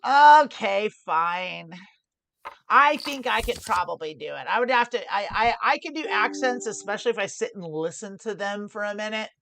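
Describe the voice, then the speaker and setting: A woman's voice: mid-range voice, expressive, normal speed, gravelly, bright, forceful tone. Woman streamer thinking aloud over poker. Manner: thinks aloud about hands, restarts often. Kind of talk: live poker play-and-explain commentary.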